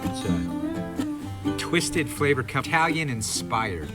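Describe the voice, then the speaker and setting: A man's voice: on the low side, very animated, normal speed, long pauses. A man, chatting casually and rambling as he vlogs a hike outdoors on a mountain trail. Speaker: hiker vlogger. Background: guitar music.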